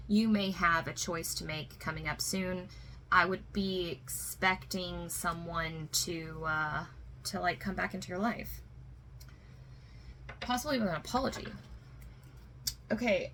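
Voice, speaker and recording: A woman's voice: lowish voice, sharp tone, a little hiss or hum, low-quality recording. Emotional woman giving a tarot reading. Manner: emotional, reassuring, many fillers. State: fighting back tears. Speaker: tarot reader. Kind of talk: spiritual tarot reading to viewers.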